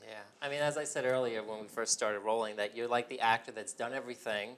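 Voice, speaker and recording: A man's voice: medium pitch, steady tone, fast talker, fairly bright tone. A man with a mid-range voice hosts an interview. He asks his guest questions in an upbeat, admiring, chatty way. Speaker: interview host.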